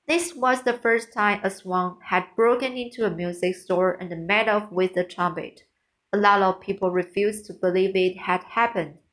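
A woman reading a children's novel aloud at a very slow, unhurried pace. She often trips over words and restarts them mid-phrase. Her voice sits at an ordinary middle pitch. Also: fairly bright tone, low-quality recording. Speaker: reader.

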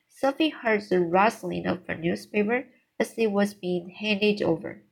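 A woman reading a children's book aloud, unhurried, with small restarts. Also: medium pitch, creaky, slightly rough, poor audio. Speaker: reader.

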